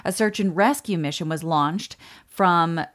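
A woman co-hosting a podcast, telling a history story in a relaxed way with quick asides. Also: fairly low pitch. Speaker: podcast co-host. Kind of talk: storytelling chat.

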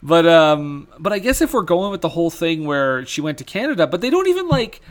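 A man's voice: on the high side, very animated, brisk. A man co-hosting a podcast, chatting casually about a movie, hesitant and full of 'like'. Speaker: podcast co-host. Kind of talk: casual movie-discussion chat.

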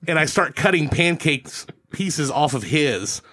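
Guy on a food podcast, kinda high voice, cusses a lot and laughs a bunch. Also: expressive, slow pace, a bit bright. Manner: swears freely, laughs often. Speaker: podcast co-host. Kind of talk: casual banter with friends.

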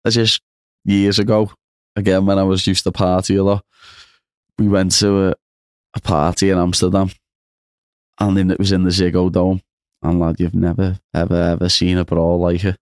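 A man's voice: sits low, monotone, moderate pace, pauses often, clean tone, dry recording, clean studio sound. A young man chatting casually, peppering his talk with "lad". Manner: chatty, says "lad" and "you know what I mean". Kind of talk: casual chat.

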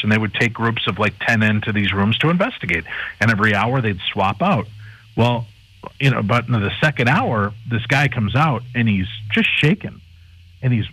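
A man on a radio talk show, telling a paranormal anecdote in a lively, casual way and acting out the people in it. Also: mid-range voice, breathy edge, low-quality recording. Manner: animated anecdote teller, acts out the people in his story. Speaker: paranormal TV host and guest. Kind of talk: casual storytelling chat.

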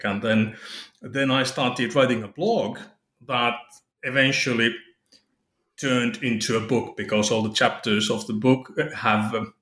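A man's voice: medium pitch, fairly bright tone. Thoughtful man in a roomy space. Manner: thoughtful, halting, many restarts. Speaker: academic author, interview guest. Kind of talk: conversational interview answer. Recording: roomy echo.

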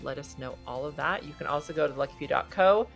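A woman with a low voice co-hosts a podcast, chatting casually and telling stories full of "like" fillers. Faint music plays underneath. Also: fast, vocal fry. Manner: chatty storyteller, lots of "like" fillers. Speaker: podcast co-host. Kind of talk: casual chat.

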